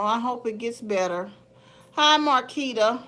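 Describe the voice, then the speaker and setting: This middle-aged host, from the Memphis area of the USA, keeps up a casual, folksy live chat with viewers and laughs often. Her voice is a little high and fairly bright, with lively intonation at a normal speed.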